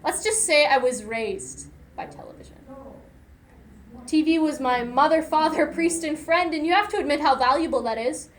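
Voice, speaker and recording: A young woman performing a dramatic monologue as an unhinged young loner raised by television, lurching between hushed murmurs and shrill outbursts. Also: normal speed, reverberant, natural voice. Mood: bitter, wistful. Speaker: speech competitor.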